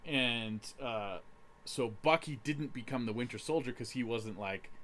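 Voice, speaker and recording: A man's voice: mid-range voice, measured pace, a bit bright. A man from Canada co-hosting a podcast, chatting casually and walking through plot details. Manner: easygoing, explains plot points at length. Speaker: podcast co-host. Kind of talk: casual chat.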